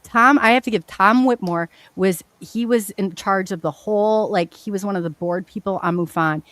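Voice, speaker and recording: A woman of middle pitch tells her story in a rambling, animated way, tumbling over herself and restarting sentences mid-thought. Her voice sits dry and close, with no room around it. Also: moderate pace, dry recording. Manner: animated, rambling, frequent restarts and self-corrections. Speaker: guest telling her experiencer story. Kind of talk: casual spoken storytelling.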